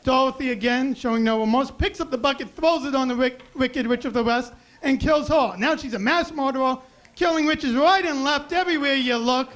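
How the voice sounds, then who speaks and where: A man's voice: very high voice, a little fast, a bit bright. A man doing a stand-up comedy routine on a club stage, telling his story with sarcastic, mock-outraged delivery.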